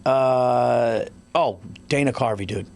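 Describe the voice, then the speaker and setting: A middle-aged man hosting a podcast in casual chat, an animated storyteller who keeps jumping into high-pitched impressions. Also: takes it slowly, creaky. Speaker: podcast host.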